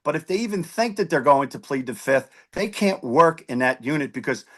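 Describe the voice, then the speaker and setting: A man's voice: on the high side, lively intonation, a little fast, a bit bright. A man speaking as a candidate at an online forum, giving an emphatic debate answer and repeating key words. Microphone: video call.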